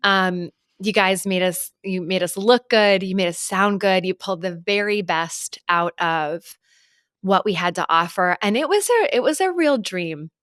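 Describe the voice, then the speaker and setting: A woman's voice: mid-range voice, a little slow, dry recording. Reflective woman podcast co-host, dry mic. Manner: warm, reflective, affirming. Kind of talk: casual chat.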